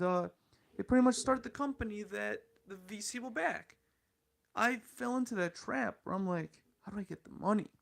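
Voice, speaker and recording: A man's voice: very high-pitched, creaky, a bit bright. A man hosting a solo podcast, talking bluntly and opinionatedly with profanity and frequent restarts. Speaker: podcast host. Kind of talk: casual solo podcast commentary.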